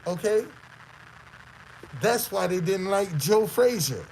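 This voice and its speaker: A man's voice: sits high, animated, takes it slowly, darkish tone, a little hiss or hum, low-quality recording. A man from the Southern United States with a Southern accent, hosting casual commentary on a clip; he talks emphatically, repeats phrases and throws out rhetorical questions. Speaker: host.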